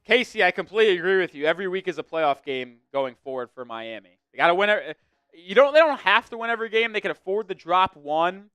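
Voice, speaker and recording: A man streaming sports commentary on his own, fired up and venting to his live chat between score updates. His voice sits high and comes through crisp and smooth. The sound is dry and close, with faint music playing under it. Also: lively intonation, fast, a bit bright, no echo. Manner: fired-up, ranting, talks straight to the chat.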